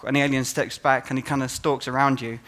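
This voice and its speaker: Man giving an animated conference talk. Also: medium pitch, quick pace. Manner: animated storytelling, acts out players' reactions. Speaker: conference speaker, game designer.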